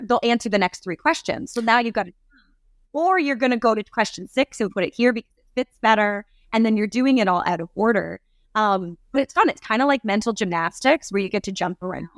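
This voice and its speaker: A woman's voice: a little high, no echo, studio quality. A woman who is a guest on a podcast, explaining her work in casual chat with thoughtful enthusiasm. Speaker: talk show host guest.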